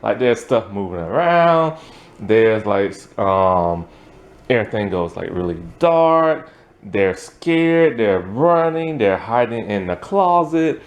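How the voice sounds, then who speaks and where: Rambling, animated man recapping a film. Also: fairly low pitch, slow, dull audio. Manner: rambling, full of "like" and "um", chuckles often. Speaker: film reviewer. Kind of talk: casual plot recap.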